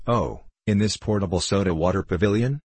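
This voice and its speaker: A man voicing a burly, arrogant middle-aged businessman who talks in a hearty, gruff way. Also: low-pitched, fairly quick, a little mellow, no room sound. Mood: bluff hearty.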